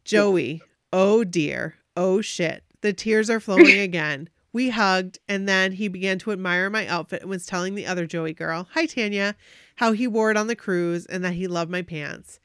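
A woman co-hosting a podcast, reading a fan's story aloud in an animated way. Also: mid-range voice, normal speed, smooth, dry recording, studio quality.

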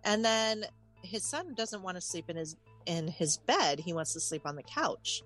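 Lowish woman telling her story, wry, lots of um and like. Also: lively intonation, normal speed, fairly bright tone, soft background music. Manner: candid, wry, many fillers. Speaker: guest. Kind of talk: personal storytelling.

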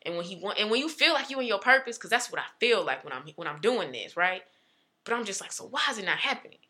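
A young woman talks casually with an emphatic, animated delivery. Her voice has a very bright, sharp edge at a middling pitch. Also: fast talker. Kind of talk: casual chat.

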